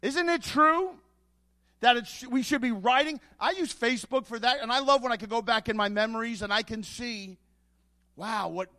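Male pastor, sermon, very high voice, slow deliberate delivery, emphatic, repeated rhetorical questions. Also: pushed and bright.

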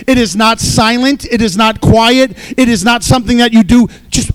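High pitched guy preaching, fired up, goes quiet then loud. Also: fairly even intonation, normal speed, hardly any pauses, clean tone. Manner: fervent, swings between soft and shouted. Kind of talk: sermon.

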